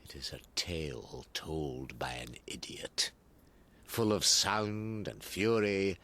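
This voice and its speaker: A man reciting as Macbeth, a grieving, weary warrior king, in classical stage style, dropping from hushed whispers to loud declaiming. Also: extremely low pitch, slow, heavily acted. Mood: despairing. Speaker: actor reciting Shakespeare.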